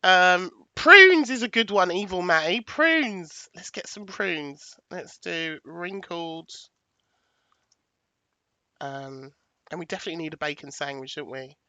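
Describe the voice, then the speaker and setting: A woman's voice: on the low side, measured pace, pushed and bright, dry recording, dull audio. A woman hosting a casual livestream, chatting to viewers and thinking aloud as she sets up a presentation. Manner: chatty, thanks viewers, thinks aloud while picking graphics. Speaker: livestream host.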